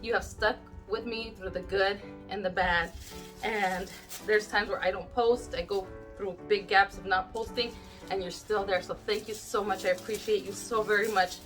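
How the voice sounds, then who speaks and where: Her voice sits mid-range, steady and fairly bright, at a moderate pace with faint background music. This woman is a YouTube crafter opening friend mail sent by viewers; in casual vlog chat she gushes, gasps and exclaims a lot, tearing up to the edge of crying.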